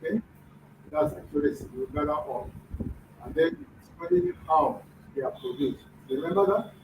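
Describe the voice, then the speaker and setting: A man's voice: high-pitched, wildly swooping pitch, moderate pace, noisy background. A man teaching a classroom lesson, often quizzing the students with questions. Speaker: language teacher. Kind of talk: classroom lecture. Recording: dull echoey room from far off.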